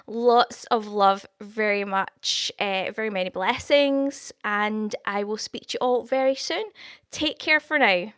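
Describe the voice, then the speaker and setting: A woman's voice: fairly high pitch, fairly bright tone, smooth, no echo, studio quality. A Scottish woman hosting a live stream, chatting with viewers, thanking them and giving prophecies in a friendly, talkative way. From Scotland. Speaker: livestream host giving prophecy. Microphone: studio microphone.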